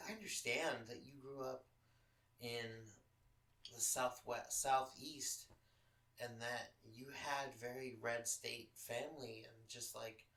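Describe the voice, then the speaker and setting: A podcast host tells a personal story in a frank, swear-filled casual style. His voice is bright and forceful. He sits back from the microphone in an echoey room. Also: mid-range voice, recorded from a distance. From Los Angeles. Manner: profane, candid, emotional storytelling.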